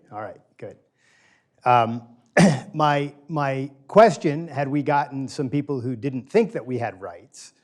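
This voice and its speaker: A middle-aged man gives a conversational lecture to a small live group. His voice sits at a medium pitch. He polls the room with questions and restates his key phrases for emphasis. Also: darkish tone.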